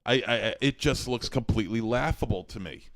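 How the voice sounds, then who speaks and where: A man's voice: medium pitch, a little fast, no echo, clean studio sound. A man co-hosting a casual podcast chat who stammers and restarts his sentences and laughs easily. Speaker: podcast co-host.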